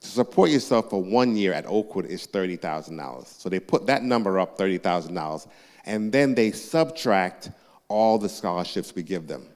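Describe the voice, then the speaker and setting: A man representing a university, answering audience questions live in a church, lively and joking, teasing the crowd. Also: sits low, normal speed. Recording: echoey church hall.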